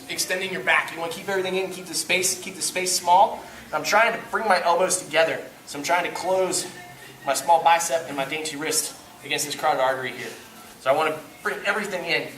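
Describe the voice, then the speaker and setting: High, bright-voiced man coaching in a gym. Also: fast talker, slight background noise. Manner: joking, self-mocking coaching while grappling. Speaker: jiu-jitsu instructor. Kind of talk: live class demonstration. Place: indoor training gym. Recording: echoey gym from far off.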